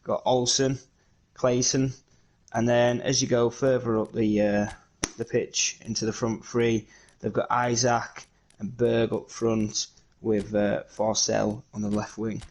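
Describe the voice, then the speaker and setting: A man from England, commentating solo on a video game football match in lively play-by-play that is full of fillers. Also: medium pitch, slow, low-quality recording.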